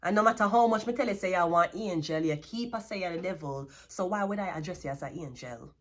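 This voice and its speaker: A woman's voice: on the low side, fast. A Jamaican woman giving a tarot reading, blunt and scolding, with plenty of swearing. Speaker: tarot card reader.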